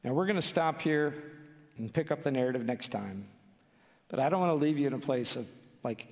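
A man's voice: mid-range voice, expressive, brisk, darkish tone. A male pastor preaching a sermon in a church, driving his points home with rhetorical questions and pleading emphasis. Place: church sanctuary. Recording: long church hall reverb.

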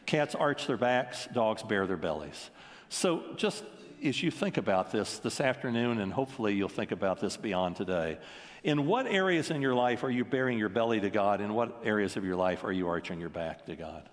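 A man delivers an earnest sermon, asking his listeners question after question. His voice sits a little low. The hall around him adds a long reverb. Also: expressive, normal speed. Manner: earnest, asks many rhetorical questions. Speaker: preacher.

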